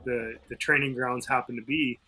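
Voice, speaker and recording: Bright-voiced man asking questions. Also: mid-range voice, fairly even intonation, low-quality recording. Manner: asks questions in a halting, conversational way. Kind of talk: casual podcast talk.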